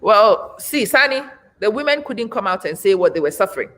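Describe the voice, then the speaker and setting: A woman's voice: mid-range voice, very animated, brisk, a bit bright. Frank woman in her 40s live-streaming, hammers points home by repeating them, blunt. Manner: emphatic, repeats points for effect. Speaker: host. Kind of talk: live-stream talk, reading viewer comments.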